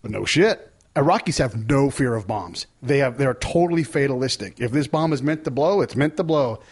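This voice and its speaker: A man speaks as a podcast guest in a husky, slightly rough voice at a middle pitch. He tells his military stories in a relaxed, rambling way, as casual chat. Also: normal speed. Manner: relaxed, rambling war storyteller.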